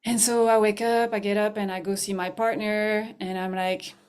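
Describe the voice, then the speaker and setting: A middle-aged woman guest talks about mindfulness in a loose, conversational way. She laughs often and trips over her words while she tells a story. Her voice sits at a medium pitch. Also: little pitch movement, moderate pace, darkish tone, clean tone. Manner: chatty, laughs often, many restarts and fillers.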